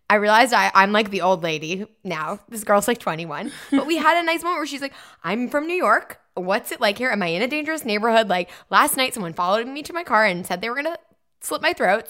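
A woman's voice: on the high side, lively intonation, fast, pushed and bright. A woman co-hosting a casual podcast chat, telling a rambling story full of fillers and laughs. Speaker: podcast co-host.

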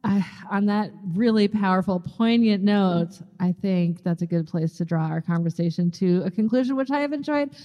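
A woman hosting a podcast in casual chat, effusive and quick to laugh. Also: medium pitch, highs cut off. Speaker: podcast host.

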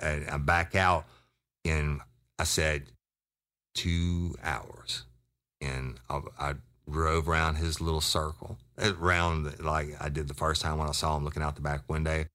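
A man, a detective hosting a podcast, telling a story in a profane, animated way. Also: extremely low pitch.

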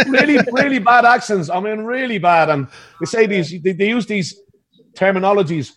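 A man's voice: high-pitched, normal speed, fairly bright tone. A man with an Irish accent, a pub band musician, chatting casually on a podcast and laughing often.

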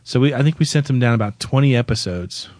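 A man co-hosting a podcast, telling stories in a quick, self-deprecating, casual way. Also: mid-range voice, a little mellow, dry recording. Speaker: podcast co-host. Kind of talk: casual chat.

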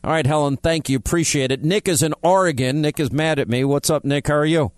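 A man's voice: fairly high pitch, fast talker, no room sound. A man hosting a talk radio show, blunt and emphatic, teasing his callers. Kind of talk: talk radio, taking calls.

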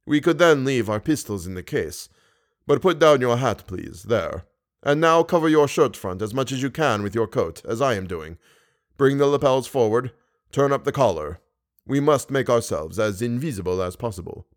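Reading an audiobook, a man performs the part of an older Persian guide, grave and cautious, using a Persian accent and a hushed, low, measured manner. The intonation is lively and the voice sounds natural.

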